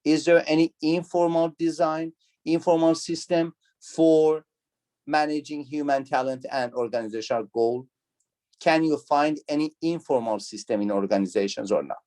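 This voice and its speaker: A man's voice: fairly high pitch, normal speed, darkish tone. A man teaching an online university class. He repeats key words, asks the students questions, and speaks with non-native phrasing. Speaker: university lecturer. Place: video call.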